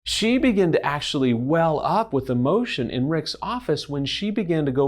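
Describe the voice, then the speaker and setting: A man's voice: on the high side, big pitch swings, moderate pace, hardly any pauses. A middle-aged man hosting, speaking earnestly to camera and telling a personal story, quoting others in dialogue. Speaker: host. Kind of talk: direct-to-camera talk.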